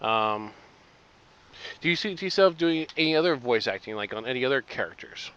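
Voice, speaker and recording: A man's voice: medium pitch, lively intonation, normal speed, fairly bright tone, smooth, dull audio. A man hosting a casual interview, asking friendly, upbeat questions. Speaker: host.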